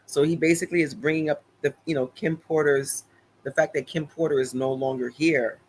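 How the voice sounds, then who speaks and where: Talkative male live-streamer, fairly high voice, animated recap, slight background hiss. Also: a little fast, rough recording. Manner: animated, chatty, many fillers and repeated "honey, listen".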